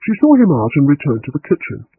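A man narrating an audiobook in a measured storytelling manner. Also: fairly high pitch, huge pitch swings, breathy edge, no room sound. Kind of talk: scripted narration. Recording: tinny phone-like line.

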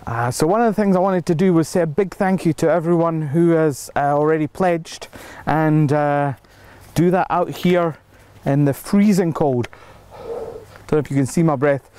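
A man who grew up in South Africa, reading a list of backers' names in a halting, casual update filmed outdoors in the cold. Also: fairly high pitch, mellow, clear, resonant tone. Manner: halting, reading names slowly with many fillers. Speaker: filmmaker thanking backers.

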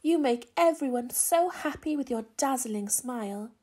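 A woman's voice: high voice, lively intonation, unhurried, darkish tone, breathy edge, exaggerated voice. A woman voicing a cheerful female bird who offers praise.

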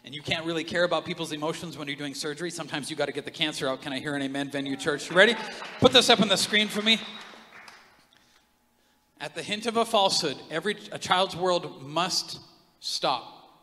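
A man preaching a sermon as pastor of his church, joking and telling stories, with big swings from loud outbursts to hushed asides. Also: on the high side, brisk, slight background noise. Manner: animated, joking storyteller with big swings in loudness. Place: large church hall. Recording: long hall reverb.

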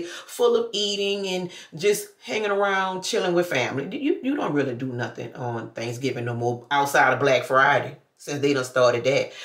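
A woman, talking casually to her vlog viewers with loose slang and chatty asides. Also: low voice. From New Orleans. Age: 50s. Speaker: vlogger. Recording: echoey room.

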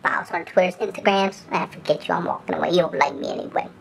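A man's voice: high voice, fairly even intonation, racing, creaky, crowd noise. A man voicing a laid-back young male puppy for a family vlog sign-off, talking in mumbled, offhand asides.

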